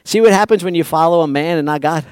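A man with a high, smooth, resonant voice preaches a sermon, recorded dry and close. He keeps asking his congregation rhetorical questions. He swings between hushed asides and loud, emphatic stretches. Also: fast, dry recording. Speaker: pastor.

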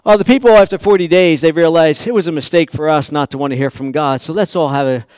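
A male pastor preaching a sermon, asking the congregation rhetorical questions and swinging from quiet asides to loud, emphatic passages. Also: on the high side, fast talker, clean tone, no room sound.

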